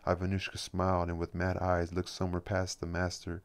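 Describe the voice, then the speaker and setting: A man with a deep, low voice reads a novel aloud. His delivery is plain and unhurried, keeping a flat, steady line through the narration. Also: smooth. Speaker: audiobook reader. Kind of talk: reading a novel aloud, then commenting.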